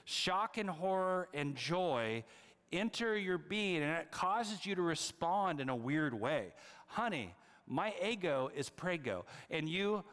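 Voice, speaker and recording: A middle-aged man preaching a sermon as pastor, moving between hushed, prayerful near-whispers and lively storytelling. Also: a little high, takes it slowly. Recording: long hall reverb.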